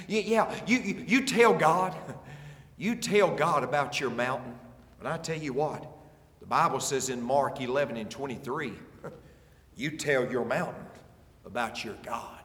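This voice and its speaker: A man preaches in a high, bright voice that climbs and falls with emphasis. He takes his time, stammering through restarts and chuckling as he goes. The sound carries a long, roomy reverb from a church sanctuary. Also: far from the mic. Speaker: pastor. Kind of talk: sermon. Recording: echoey hall with long reverb.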